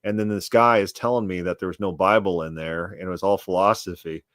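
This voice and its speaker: A man's voice: low voice, fairly even intonation, brisk, a bit bright, dry recording, clean studio sound. A man casually looking back on a debate he took part in, stumbling over and repeating words while bluntly dismissing his opponent. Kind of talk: casual commentary.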